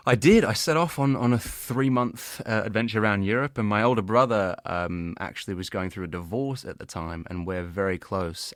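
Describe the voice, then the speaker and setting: Young Australian man, lively and laughing. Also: dry recording, studio quality. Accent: Australian with a tinge of English. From Australia, born and raised in Sydney. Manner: lively, laughs often, pitch jumps high when excited. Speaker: podcast guest, actor. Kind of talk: casual chat.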